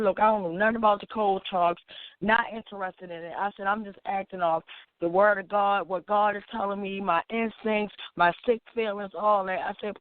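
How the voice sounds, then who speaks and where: A woman's voice: mid-range voice, dry recording. A woman activist telling an emotional personal story, acting out the dialogue as she goes. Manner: acts out quoted dialogue as she talks. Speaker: activist guest. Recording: tinny phone-like line, dry.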